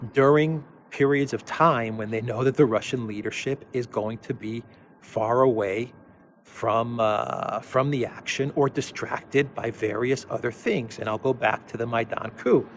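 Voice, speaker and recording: A man hosts an off-the-cuff commentary show. His voice sits at an ordinary middle pitch, and he hesitates, repeats words and piles up fillers before landing firmly on his points. A faint ambient noise runs beneath the recording. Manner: hesitant, many restarts and fillers, emphatic. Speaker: political commentary host. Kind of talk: unscripted commentary monologue.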